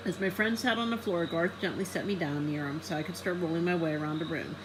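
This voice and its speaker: A woman reading a children's storybook aloud in an expressive, animated first-person way. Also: fairly low pitch, fast, few pauses, background noise. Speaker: reader.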